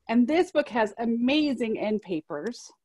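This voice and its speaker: A woman leading a children's library storytime, cheerful and unhurried as she reads aloud to kids. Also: fairly high pitch, animated, a little mellow, slightly rough.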